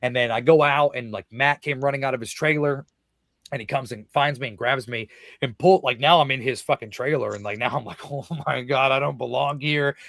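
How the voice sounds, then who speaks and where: A young man, a guest wrestler, telling stories in a podcast interview, excited and full of swearing, shouting out the quotes he acts out. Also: medium pitch, fairly quick, dry recording. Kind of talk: casual storytelling in a podcast interview.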